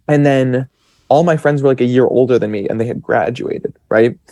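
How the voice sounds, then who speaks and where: Guesting on a podcast, a twenties man rambles through casual stories with lots of fillers and acted-out snippets of his own thoughts. His mid-range voice has a dark tone and moderate pace, recorded dry and close with no echo or room sound.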